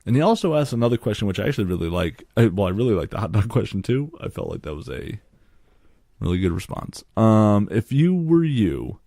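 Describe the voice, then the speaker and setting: Gravelly deep-voiced man hosting a podcast. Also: very animated, fairly quick, warm tone, no echo, clean studio sound. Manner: profane, rambling and jokey. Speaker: podcast host. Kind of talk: casual solo podcast Q and A.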